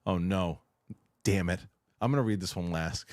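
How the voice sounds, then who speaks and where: Male host reading fan comments, casual and chatty, lowish voice, dry studio mic. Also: moderate pace, no echo. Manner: reads comments aloud, chatty and animated. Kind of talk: casual panel chat.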